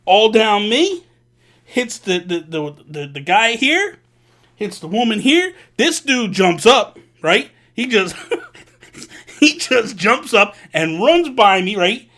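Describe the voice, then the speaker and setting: A man hosting a vlog, telling a personal story in an animated, casual way with slang. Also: high-pitched, takes it slowly. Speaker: vlog host. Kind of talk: storytelling to camera.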